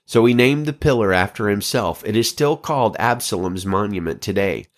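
Low-voiced man reading scripture aloud. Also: expressive. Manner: measured, earnest reading with occasional stumbles. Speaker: podcast host.

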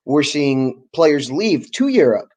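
A man's voice: on the high side, big pitch swings, slow, darkish tone. A man co-hosting a podcast, talking soccer in a casual, enthusiastic, rambling way. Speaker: podcast co-host.

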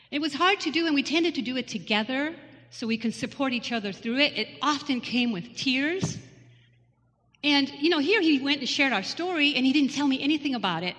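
A woman's voice: sits high, sharp tone, long reverb tail. A woman giving a personal testimony to a church congregation, telling her story earnestly and asking the listeners rhetorical questions. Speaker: lay speaker giving a testimony. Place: church sanctuary.

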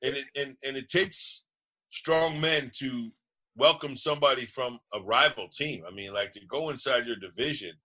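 A man's voice: medium pitch, normal speed. A middle-aged man from New Jersey, a former quarterback telling boisterous, profane locker-room stories as a guest in casual chat. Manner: boisterous, profane, animated storyteller.

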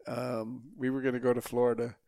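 A man in his seventies with a gravelly edge, speaking at an even middle pitch. He tells family stories with dry, teasing humor, recorded close on a mic with a dead, dry sound. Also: a little fast, no room sound. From Minnesota. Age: 70s. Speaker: guest, the host's father. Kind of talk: casual family interview.

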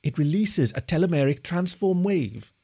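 A tired little kitten officer laying out scientific findings in careful, precise terms, voiced by a man. The voice sits somewhat high with a gravelly texture. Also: lively intonation, moderate pace, warm tone. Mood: explaining. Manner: precise technical explaining.

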